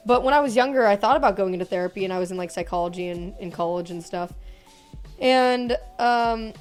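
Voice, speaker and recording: A woman's voice: mid-range voice, a little fast, soft background music. A young woman streaming from her room at home, chatting casually with viewers, reading chat aloud and joking between giggles.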